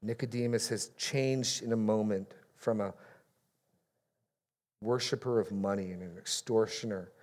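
A man's voice: fairly low pitch, fairly even intonation, a little slow, long pauses. Emphatic preaching man. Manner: emphatic scripture reading, rising loud on key phrases. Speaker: pastor. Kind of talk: sermon. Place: church.

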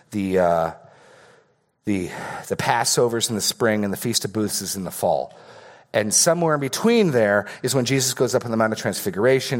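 Earnest man preaching a sermon. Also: fairly low pitch. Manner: earnest, repeats words for emphasis. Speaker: pastor. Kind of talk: expository sermon.

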